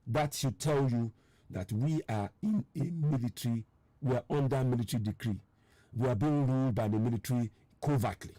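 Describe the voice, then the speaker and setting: With a mellow, medium-pitched voice at a moderate pace and no echo, a man from Nigeria leads a live online broadcast. He sounds strained and worn out but presses his viewers urgently, circling back to the same points repeatedly. Reading viewer names and replying to comments, he delivers an impassioned live-stream address.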